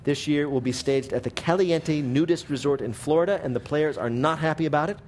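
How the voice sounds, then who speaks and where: A man hosting a comic news quiz, reading questions with a brisk, wry deadpan delivery. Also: on the high side, a little hiss or hum. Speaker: quiz show host.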